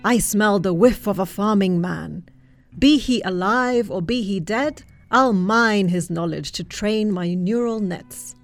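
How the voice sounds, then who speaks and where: A woman voicing a greedy male giant in a storybook reading, speaking slowly and demandingly. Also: no room sound, faint music behind, natural voice. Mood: gloating. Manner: slow, booming, demanding.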